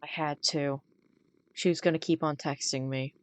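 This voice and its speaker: A woman's voice: low-pitched, fairly even intonation, moderate pace. A woman from the American South, streaming and chatting casually with dry, teasing banter.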